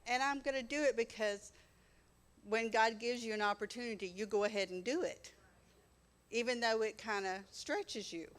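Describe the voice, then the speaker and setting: A woman's voice: fairly high pitch, normal speed. A woman sharing a sermon on marriage beside her husband, plainspoken and conversational. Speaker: pastor's wife.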